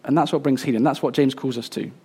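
A man in his thirties preaching a sermon, earnest and a little halting, with fillers and restarts. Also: mid-range voice, steady tone, a little mellow, breathy edge. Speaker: pastor.

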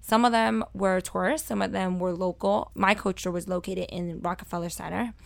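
Talkative Brooklyn woman in her thirties, loud and emphatic, slightly gravelly voice, dry close recording. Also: fairly low pitch, fairly even intonation, normal speed, dry recording. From Brooklyn, New York. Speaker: food video host and cook. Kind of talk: personal reflective monologue.

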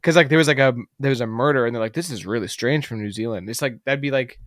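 Easygoing young man, mid pitch. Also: quick pace, a bit bright, no echo, studio quality. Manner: easygoing, blunt, jokey. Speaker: podcast co-host. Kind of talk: casual movie-review chat.

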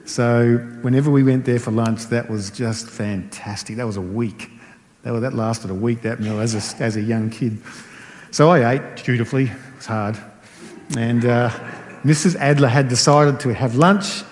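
A man's voice: fairly low pitch, a little mellow. Middle-aged man preaching in a reverberant hall. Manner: conversational preaching with repeated rhetorical phrases. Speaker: pastor. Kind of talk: sermon.

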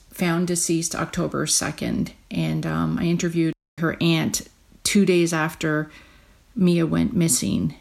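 Lady podcast host, low-ish gravelly voice, choked up, lots of ums and restarts. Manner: halting, with many fillers and restarts. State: close to tears. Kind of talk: emotional podcast update.

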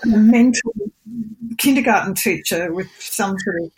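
A middle-aged Australian woman, a guest in a casual interview, animated, joking and self-mocking. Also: mid-range voice, measured pace, husky.

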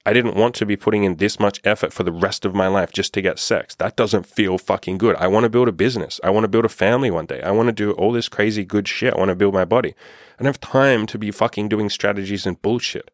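A man's voice: fairly low pitch, dry recording, clean studio sound. A man coaching on dating, talking bluntly with lots of swearing and rhetorical questions. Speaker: dating and self-improvement coach. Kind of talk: direct-to-camera opinion monologue.

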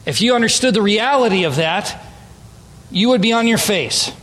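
A man's voice: high-pitched, expressive, normal speed, fairly bright tone, in a large hall, low-quality recording. A man from Southern California preaching a sermon to his church, talking conversationally and joking with the congregation. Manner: conversational, playful with audience. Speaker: pastor. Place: church sanctuary.

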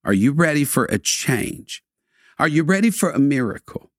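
A man's voice: a little high, big pitch swings, normal speed, dry recording, clean studio sound. Man preaching in rhythmic, building repetitions. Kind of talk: devotional sermon.

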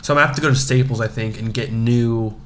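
A young man talks casually in a relaxed, dry way and rambles through his stories. His voice sits at an ordinary middle pitch. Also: fast, a little hiss or hum. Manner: laid-back, dry, rambling with fillers. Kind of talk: casual chat.

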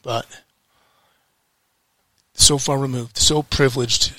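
A man ranting in a frustrated vlog, heated and swearing, repeating phrases for emphasis with weighty pauses. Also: medium pitch, steady tone, bright, forceful tone, breathy edge, dry recording. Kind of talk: frustrated political rant to camera.

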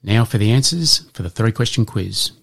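A man hosting an educational podcast, reading out answers in a measured way and slipping in dad jokes. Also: on the low side, animated, gravelly, fairly bright tone. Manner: measured, spells things out, slips in dad jokes. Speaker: podcast host.

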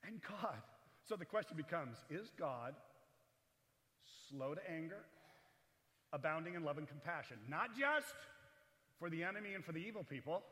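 A man preaching a sermon as pastor in a chapel, animated, swinging between loud and hushed delivery. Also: a little high, big-room sound. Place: large echoey chapel.

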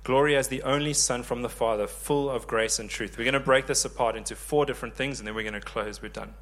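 A man in his thirties preaching a sermon, lively and joking with the congregation. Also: medium pitch, quick pace. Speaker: pastor.

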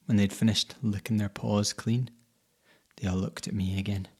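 A man telling a folk tale in the first person, dramatic, dropping to whispers and rising to sudden loud bursts. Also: fairly low pitch, level tone, moderate pace, slightly rough. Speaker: storyteller.

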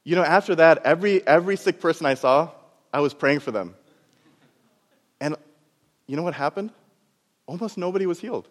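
A man who is a doctor preaching a sermon and telling his own story in an animated way, laughing at himself. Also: on the high side, brisk. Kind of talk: sermon testimony. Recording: long hall reverb.

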